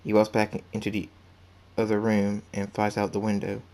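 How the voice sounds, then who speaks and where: A man narrating his own fan fiction in a low voice. The delivery is flat and plain, with small restarts. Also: moderate pace. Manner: plain, even reading with restarts. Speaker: storyteller.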